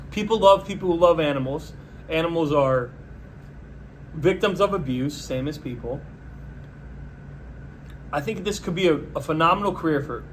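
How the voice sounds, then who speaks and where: Male host, slightly higher register, deadpan sarcastic monologue, faint hiss behind. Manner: sarcastic, mocking, deadpan pitching. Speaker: podcast host. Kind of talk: solo comedic political rant.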